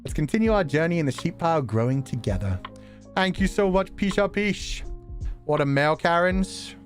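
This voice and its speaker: A man chatting casually on a livestream, jokey and quick to laugh as he reads out donations. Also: fairly high pitch, faint music behind. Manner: animated, laughs often, jokey. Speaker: streamer.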